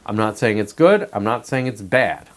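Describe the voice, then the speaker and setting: A man's voice: lowish voice, expressive, normal speed, a bit bright. A man hosting a show, delivering a blunt, profanity-laced political commentary monologue. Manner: profane, emphatic ranting. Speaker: podcast host.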